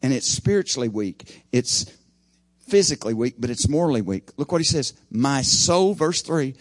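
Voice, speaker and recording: Preacher with dramatic swings. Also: male voice, mid-range voice, expressive, moderate pace, no room sound, clean studio sound. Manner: dramatic preaching that swells loud then drops quiet. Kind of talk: sermon.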